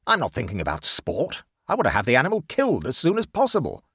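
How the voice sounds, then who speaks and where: A man doing a fuming country gentleman. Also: medium pitch, wildly swooping pitch, quick pace, breathy edge, no room sound, studio quality, exaggerated voice. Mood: indignant. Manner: indignant, fuming. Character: agitated, indignant country gentleman.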